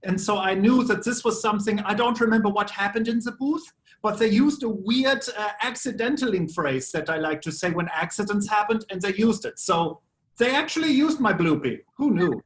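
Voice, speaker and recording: A man's voice: sits high, lively intonation, normal speed. A man with a German accent, a voice actor answering press questions in a playful, quirky way. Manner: playful, quirky offbeat phrasing. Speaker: voice actor guest. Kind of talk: press junket interview.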